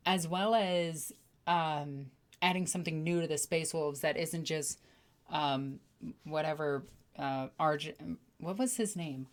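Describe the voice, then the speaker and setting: A woman chatting casually on a livestream, telling stories with animated energy and reading out viewer messages. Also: low voice. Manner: excitable, animated storytelling with acted-out voices. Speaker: streamer.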